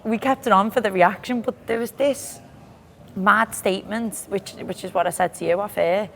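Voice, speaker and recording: A woman with a Liverpool accent, co-hosting a podcast and talking about football in a lively, emphatic way. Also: mid-range voice, normal speed, vocal fry, slight background noise. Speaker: podcast co-host. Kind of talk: casual football chat.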